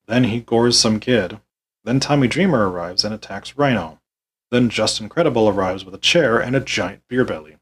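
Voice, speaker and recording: A man with a lowish, husky voice recaps a wrestling show play by play for his podcast. He is deadpan and worn out, with dry sarcasm and frequent swearing. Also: moderate pace, rough recording. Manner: weary, deadpan, swears often.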